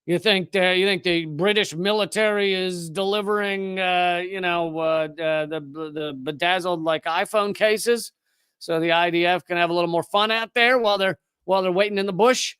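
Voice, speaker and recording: A male live-stream host talking through political commentary with a sarcastic, mocking edge. His voice sits high for a man and sounds smooth and clear. The sound is dry and close, with no room echo. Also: steady tone, moderate pace, fairly bright tone.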